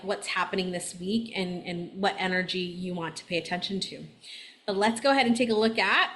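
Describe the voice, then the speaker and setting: A woman's voice: medium pitch, fairly bright tone. A woman giving a casual astrology forecast in a chatty way, often tagging "right?" and laughing, tired and a little nauseous. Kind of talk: casual monthly forecast talk.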